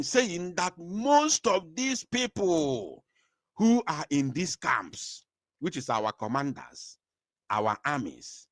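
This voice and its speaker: A fired-up political commentator rants in impassioned commentary, his fiery, emphatic delivery mixing Igbo and English. His medium-pitched, fairly bright voice jumps all over, and the sound is dry and close with no echo.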